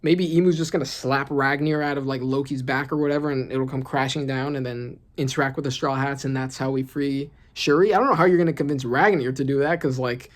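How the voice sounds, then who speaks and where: A host reading comic panels aloud and reacting excitedly in casual commentary, often asking "right?". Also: mid-range voice, fairly quick, few pauses. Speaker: manga reaction channel host.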